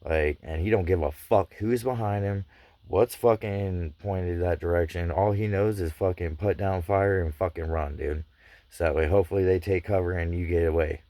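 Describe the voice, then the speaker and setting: A young man with a very deep voice tells a personal story in rough street slang, swearing freely. He acts out the back-and-forth with his friends as he goes. The recording is dry and close, with no room sound. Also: moderate pace, no echo. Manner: profane, street slang, animated retelling of dialogue. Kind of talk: casual testimony storytelling.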